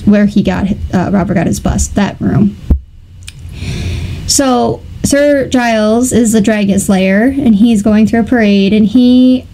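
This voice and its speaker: A woman's voice: medium pitch, measured pace, warm tone, a little hiss or hum, rough recording. A woman co-hosting a podcast, retelling a film plot in casual chat and acting out the characters' lines. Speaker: podcast co-host.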